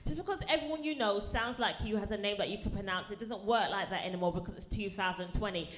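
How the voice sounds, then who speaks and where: A woman's voice: mid-range voice, fast talker, few pauses. A woman from performing a punchy, sassy stand-up set to a small live audience. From London. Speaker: stand-up comedian. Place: comedy venue with small audience. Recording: echoey live venue, faint noise.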